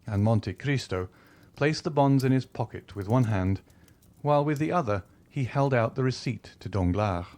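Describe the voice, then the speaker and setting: A male narrator reads a classic novel aloud in a measured, expressive way. His mid-pitched voice moves through a lively, animated range. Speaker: audiobook narrator. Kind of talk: scripted audiobook narration.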